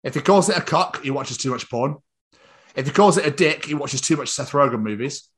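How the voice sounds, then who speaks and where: Lively, bright-voiced British man joking around. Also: mid-range voice, fairly quick. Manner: sweary, jokey, acts out little scenes in voices. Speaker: podcast host. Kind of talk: casual banter.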